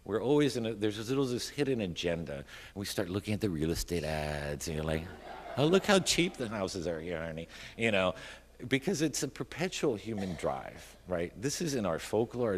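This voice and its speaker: A man's voice: sits low, expressive, brisk, a little hiss or hum. A middle-aged man, a featured poet, introducing and reading his poetry in a conversational, self-deprecating way, often checking in with "right?". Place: arts center hall, before a live audience. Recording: long hall reverb from a live venue.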